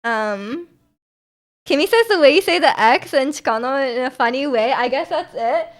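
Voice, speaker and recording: A woman's voice: high voice, lively intonation, normal speed. A young woman streaming, chatting casually with viewers and reading their comments, rambling with frequent ums and restarts, her voice slightly sore.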